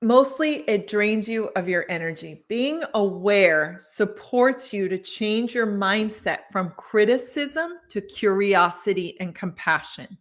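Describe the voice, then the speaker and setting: A middle-aged woman reading her own book on a live stream and chatting warmly with viewers between passages. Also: medium pitch. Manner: warm, gushing, chats with viewers between passages.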